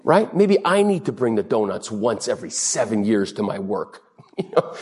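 Middle-aged male pastor, lively sermon voice, husky, echoing hall. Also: mid-range voice, normal speed. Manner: animated, joking preacher acting out dialogue.

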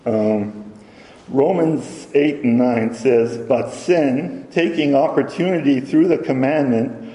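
A man giving a sermon, reading scripture slowly and carefully, stopping now and then to correct himself. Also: mid-range voice, warm tone. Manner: slow, deliberate reading with self-corrections. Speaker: preacher. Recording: echoey hall with long reverb.

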